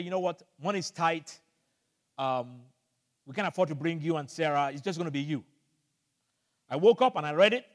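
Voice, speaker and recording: An older man from Nigeria preaching a sermon as pastor, telling a story with animated energy and bursts of shouting. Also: on the high side, long reverb tail. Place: church hall.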